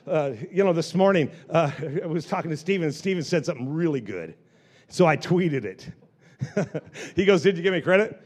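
A male pastor preaching a lively sermon to a live congregation, repeating phrases and joking with the people in the pews. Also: on the high side, moderate pace. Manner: animated preaching with repetitions and asides to the congregation.

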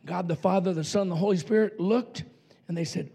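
Middle-aged man, fiery revival preacher; high gravelly voice, pushes the crowd to shout back. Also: brisk. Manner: impassioned, shouting, calls for congregation response. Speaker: pastor. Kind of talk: revival sermon.

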